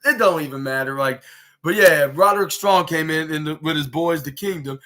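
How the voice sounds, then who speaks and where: A man hosting a podcast, recapping a wrestling show in a halting, rambling way with many fillers and restarts, acting out what the wrestlers said. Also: high voice, bright, forceful tone. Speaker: podcast host.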